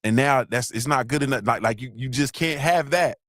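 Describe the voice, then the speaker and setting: Animated, profane podcast host man. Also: mid-range voice, fairly quick, dry recording, clean studio sound. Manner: animated, profane, rambling with restarts. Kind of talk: casual solo podcast talk.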